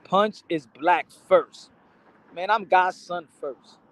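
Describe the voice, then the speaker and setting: This boxing channel host talks slowly in a high, fairly bright voice, ranting to the camera in a profane, rambling way. He stumbles over and repeats his words and slips into Spanish now and then. There's no room sound.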